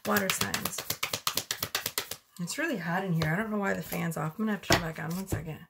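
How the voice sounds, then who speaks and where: A woman's voice: fairly low pitch, fast, gravelly, loud music behind the voice. A woman giving a casual tarot reading, chatty and rambling, a little out of breath. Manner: chatty, rambling, self-correcting. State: slightly out of breath. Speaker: tarot reader.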